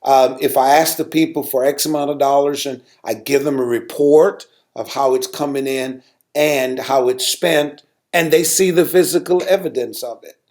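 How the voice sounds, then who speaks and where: A middle-aged man, a pastor, telling a story from his ministry in an animated way, repeating words and rising sharply when he recalls his anger. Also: mid-range voice, normal speed. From United States. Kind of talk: storytelling sermon talk.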